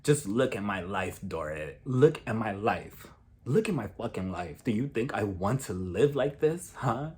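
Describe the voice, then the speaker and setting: A man's voice: lowish voice, lively intonation, unhurried, pitched below the performer's own voice. Field: impression. Figure: a man impersonating a furious swearing woman reality star. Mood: bitter. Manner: swearing, repeats angry demands.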